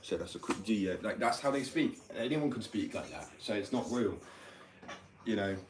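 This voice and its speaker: A man's voice: on the low side, animated, normal speed, noisy background. A man, rambling, opinionated and sweary in casual chat. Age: 20s. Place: workshop room. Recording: echoey room, far from the mic, music behind.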